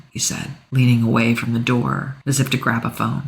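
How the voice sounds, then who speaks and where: A woman narrating a first-person romance audiobook in an expressive, emotional reading. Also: very deep voice, normal speed, gravelly.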